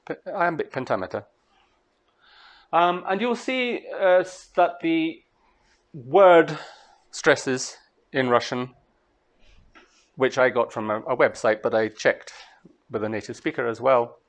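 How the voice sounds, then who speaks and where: A man from Scotland leading a master class, explaining step by step and reciting verse lines slowly. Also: medium pitch.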